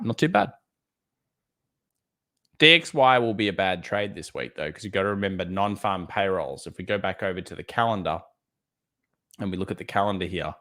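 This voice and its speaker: Blunt, casual Australian man, lower voice. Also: fairly bright tone. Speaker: trading livestream host. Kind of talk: live market commentary reading chat.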